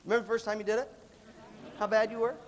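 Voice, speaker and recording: A man giving an animated live motivational talk to students, often coughing and acting out voices. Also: high voice, very fast. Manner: animated, acts out quoted voices, coughs between phrases. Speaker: motivational leadership speaker. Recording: reverberant hall recording, faint background noise.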